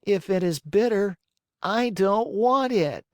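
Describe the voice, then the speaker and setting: Brief: petulant puppet boy, shrill and wailing, voiced by a man, storybook reading. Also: lively intonation, takes it slowly, dry recording, studio quality. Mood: whining. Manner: whiny, petulant, shrill outbursts. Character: whining stubborn boy marionette, feverish. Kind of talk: audiobook character voice.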